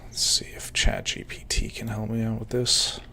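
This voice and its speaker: Whispering, a man talks through his prices at a computer indoors, muttering figures and hiccuping as he goes; he's a Minecraft server admin giving casual working commentary. The voice is fairly low, monotone and gravelly, pushed and bright, at a normal speed.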